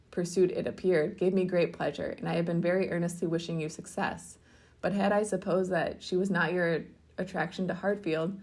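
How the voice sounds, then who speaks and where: A woman reading the part of a proud, indignant young lady from a classic novel, in a crisp, formal manner. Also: lowish voice, darkish tone.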